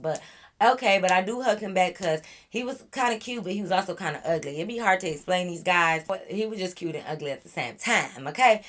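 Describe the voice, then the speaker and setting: A woman vlogger telling a story in a casual, animated, slangy way, with profanity and exasperated asides. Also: mid-range voice, fairly quick.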